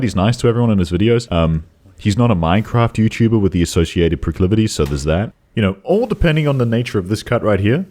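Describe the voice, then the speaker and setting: A young man riffs sarcastically over video clips in a deep voice. His pitch swings widely, and he breaks into high yelling outbursts. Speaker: YouTube commentator. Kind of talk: comedic video commentary.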